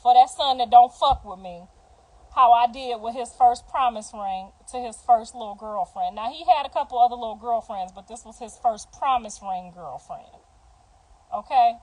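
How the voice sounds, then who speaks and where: A middle-aged woman talks straight into her phone on a livestream, her voice sitting high. She tells family stories bluntly and profanely, acting out what everyone said. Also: moderate pace, darkish tone, poor audio. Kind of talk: livestream storytelling.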